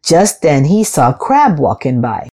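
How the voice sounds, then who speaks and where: A woman reading a children's storybook aloud in a slow, expressive, gentle way. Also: low-pitched.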